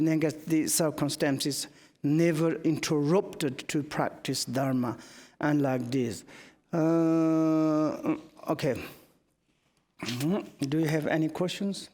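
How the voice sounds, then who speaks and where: Male Buddhist teacher, broken English with fillers, slightly high voice, long hall reverb. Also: fairly even intonation, darkish tone. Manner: broken English, many fillers, slow and halting. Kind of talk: Dharma teaching.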